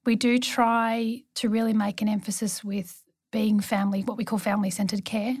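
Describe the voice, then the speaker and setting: Speaking earnestly as a podcast guest, this neonatal nurse practitioner recounts her experiences in a warm, conversational interview. Her medium-pitched voice stays level and has a breathy edge, moving at a moderate pace over a dry, clean studio recording.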